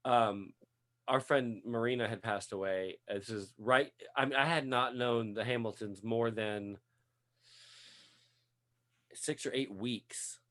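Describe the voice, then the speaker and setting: A man hosting a relaxed catch-up conversation, retelling a story with lively energy. His voice sits at an everyday middle pitch. He often restarts his sentences and laughs as he talks. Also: takes it slowly, pauses often. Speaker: podcast host. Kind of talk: casual chat.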